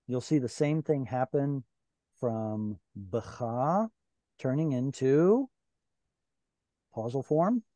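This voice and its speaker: A man's voice: medium pitch, lively intonation, slow, long pauses, warm tone, dry recording. A man teaching a Hebrew class over a video call, patiently explaining grammar step by step.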